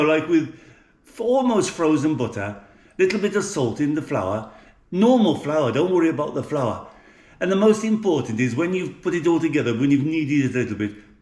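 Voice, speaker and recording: Fairly high in pitch and a little mellow, the voice belongs to a middle-aged English cooking vlogger with an English accent. He rambles casually in his kitchen with lots of fillers and restarts, and the sound is reverberant.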